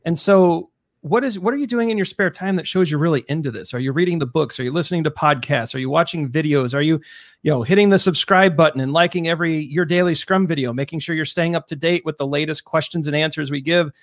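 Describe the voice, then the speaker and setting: A man's voice: fairly high pitch, fast talker, no room sound. A man co-hosting a podcast in casual chat, upbeat, reading listener questions aloud. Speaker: podcast co-host.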